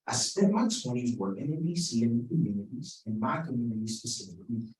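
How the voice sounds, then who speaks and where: A man's voice: medium pitch, animated, fairly quick, a little mellow. A man in his forties from Washington, D.C., giving a joking, conversational keynote speech. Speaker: keynote speaker. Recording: roomy sound, mic at a distance.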